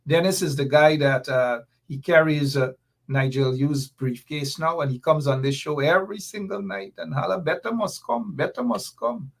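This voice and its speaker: A man's voice: a little high, normal speed. A man hosting a live political stream, fiery and repetitive as he reads out viewer comments. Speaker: host.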